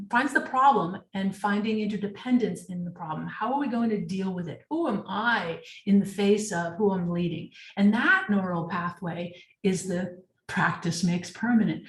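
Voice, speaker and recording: Emphatic woman coach in an echoey room. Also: mid-range voice. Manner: emphatic, rhetorical questions to the audience. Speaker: sales leadership coach. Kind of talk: webinar talk. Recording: echoey room, distant mic.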